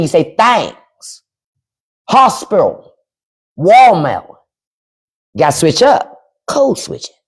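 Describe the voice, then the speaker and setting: A woman hosting a livestream with casual comedic commentary in African American English, profane and animated, often acting out other people's voices. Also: fairly low pitch. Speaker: podcast host. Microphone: phone or desk mic on a livestream.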